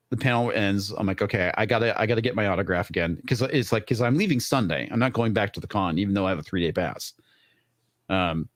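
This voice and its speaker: A man appearing as a guest in a casual chat, telling relaxed anecdotes with many fillers. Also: lowish voice, no echo, studio quality.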